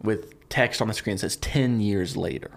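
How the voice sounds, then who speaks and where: A man co-hosting a podcast, casually pitching a movie idea, rambling with many fillers and laughing easily. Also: normal speed, gravelly. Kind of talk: casual chat.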